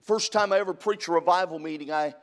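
A middle-aged pastor from California preaches, his voice sitting a little higher than most men's. He tells his stories with quick stammered restarts. When he reads scripture aloud, his delivery lifts into a rising preaching cadence. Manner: storytelling with repeated stammered restarts. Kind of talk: sermon.

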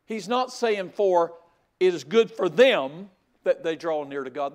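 An older man preaching a sermon, telling a folksy story with loud outbursts. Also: sits high, expressive, unhurried. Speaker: pastor.

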